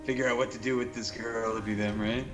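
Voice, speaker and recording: A man's voice: medium pitch, little pitch movement, fast, music in the background. Laid-back male player, echoey room. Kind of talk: casual tabletop play.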